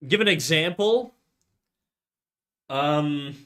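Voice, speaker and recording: A man's voice: on the high side, lively intonation, drawn-out words, pushed and bright. A young man from Canada chatting casually on a drawing stream, rambling and laid-back, and swearing freely. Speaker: art streamer. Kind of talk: casual chat while drawing.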